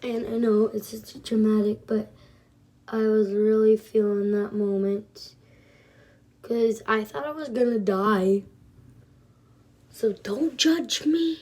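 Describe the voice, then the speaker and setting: Slow, soft-spoken young female vlogger. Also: mid-range voice, steady tone. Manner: soft-spoken, rambling, many fillers. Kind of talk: casual storytelling while doing makeup.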